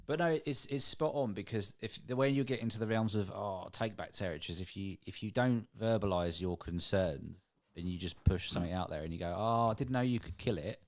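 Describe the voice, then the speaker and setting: A man co-hosting a podcast in casual chat, halting and restarting as he builds his point. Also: deep voice, steady tone. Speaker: podcast co-host.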